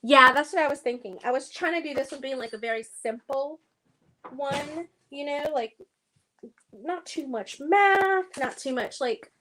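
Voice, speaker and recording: A woman's voice: high-pitched, unhurried, pushed and bright, slight background noise, low-quality recording. A woman hosting a casual sewing livestream, thinking aloud and chatting to her viewers as she works.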